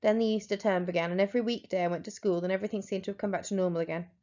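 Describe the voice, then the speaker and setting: Teacher lady reading a story out loud, dramatic and expressive, medium voice, dull lo-fi sound. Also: medium pitch, very fast. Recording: dull lo-fi recording.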